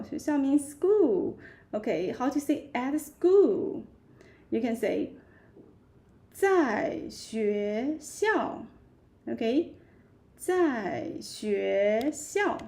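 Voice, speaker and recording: A woman teaches a live beginner language class online, patiently repeating each word. Her voice sits a little high, with a gravelly fry running through it. She talks at a slow, deliberate pace. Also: mellow. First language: Chinese. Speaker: Chinese teacher.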